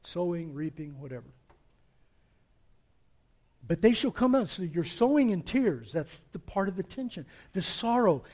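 A man's voice: high voice, big pitch swings, unhurried, pauses often, a little mellow. A man preaching a sermon as pastor, earnest and building to emphatic swells.

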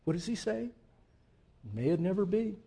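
A man preaching a sermon, swinging from loud emphatic peaks to quiet, low asides and putting direct questions to the congregation. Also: animated, moderate pace, gravelly, slightly rough. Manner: emphatic, rising to loud peaks then dropping low and intimate. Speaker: pastor.

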